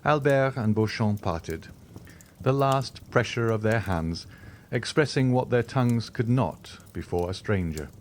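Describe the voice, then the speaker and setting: A man narrating a classic novel as an audiobook, in steady storytelling. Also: on the low side, measured pace, slight background noise. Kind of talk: scripted narration.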